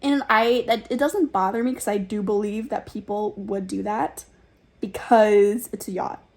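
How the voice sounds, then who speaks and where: A young woman in her twenties, talking fast and excitedly in a casual reading vlog. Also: mid-range voice. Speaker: book vlogger.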